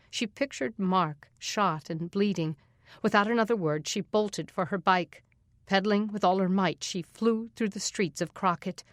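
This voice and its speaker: A woman's voice: normal speed, no echo, clean studio sound. A woman reading a suspense novel aloud as audiobook narrator, lifting her voice for the characters' lines. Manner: voices the characters with raised pitch in dialogue.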